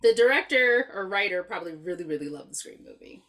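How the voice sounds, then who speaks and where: A woman's voice: medium pitch, lively intonation, fast, fairly bright tone. A woman co-hosting a casual movie review podcast, making wry joking asides and swearing. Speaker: podcast co-host.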